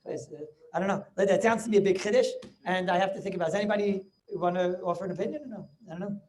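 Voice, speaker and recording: A middle-aged man, a rabbi, giving an informal class over a video call, halting with many restarts and chuckling as he banters with students. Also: sits high, darkish tone. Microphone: video call microphone.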